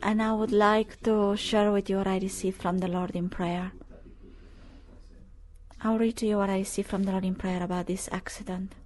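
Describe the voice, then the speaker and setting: A woman preaching, recounting news in a halting, filler-heavy way, rising to forceful preaching. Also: medium pitch, level tone. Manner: halting, many fillers and restarts; grows loud and forceful when preaching. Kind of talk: sermon reading news and prophecy.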